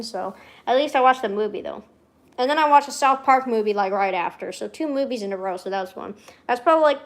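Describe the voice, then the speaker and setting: Excitable young woman, rambling and swearing. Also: a little high. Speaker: streamer. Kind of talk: casual chat reading an old journal.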